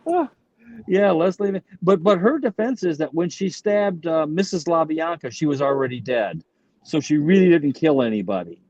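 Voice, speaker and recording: A man in a casual comedians' chat, chatty and quick to laugh, with stammering restarts. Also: fairly high pitch, expressive, a little mellow, dry recording. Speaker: comedian panelist. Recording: dull dry call audio.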